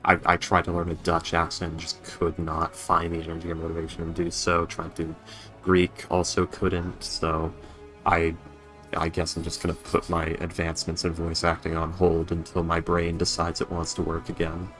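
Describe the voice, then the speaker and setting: A man chatting as a player in a tabletop game, wry and joking in a low-key way. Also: monotone, normal speed, fairly bright tone, soft background music. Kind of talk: casual tabletop chat.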